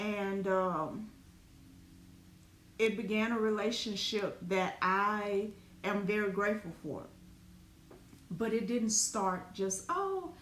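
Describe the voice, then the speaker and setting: A middle-aged woman, a spiritual teacher, telling a raw personal story in an animated, profane, dramatic way. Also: medium pitch. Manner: animated, profane, dramatic retelling with colloquial speech. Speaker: spiritual teacher and business owner. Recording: echoey room with faint ambient noise.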